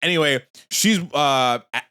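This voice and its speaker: A man's voice: mid-range voice, unhurried, clear, resonant tone. A man co-hosting a podcast, casually recapping an anime episode and acting out the characters' lines. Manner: animated, acts out characters' lines while retelling. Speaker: podcast co-host.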